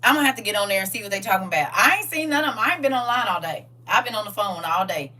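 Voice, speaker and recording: Livestream host, woman, bright tone, animated and slangy with chat. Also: medium pitch, racing, far from the mic. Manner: animated, laughing, talks back to chat with slang. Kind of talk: casual livestream chat reading viewer comments.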